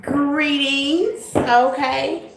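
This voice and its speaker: A woman with a fairly high voice hosts a casual live stream and talks slowly and unhurried. She calls her viewers baby and honey. The room is echoey, with a faint hiss behind her. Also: steady tone. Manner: warm greetings to viewers, affectionate terms like baby and honey. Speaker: tarot reader hosting a live stream.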